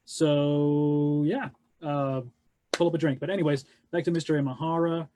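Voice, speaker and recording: A man co-hosting a casual live webcast, talking haltingly with many restarts. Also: a little high, steady tone, noisy background. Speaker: co-host.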